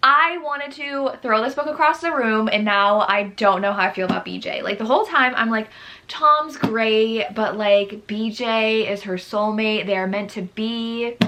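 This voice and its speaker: Bright-voiced young woman gushing about a book. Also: a little high, measured pace, a little hiss or hum. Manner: animated, exasperated, gushing. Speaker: book vlogger. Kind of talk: casual book review vlog.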